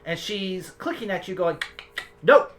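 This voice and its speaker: A woman running a tabletop game as game master, describing the scene in rambling, self-correcting narration. Her voice sits a little low but swings a lot. A faint hum of noise lies under it. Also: sing-song, takes it slowly, fairly bright tone.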